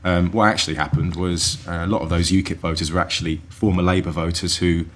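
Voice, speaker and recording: A man in a casual political chat, laying out electoral analysis in a measured way with a few fillers. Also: low voice, fairly even intonation.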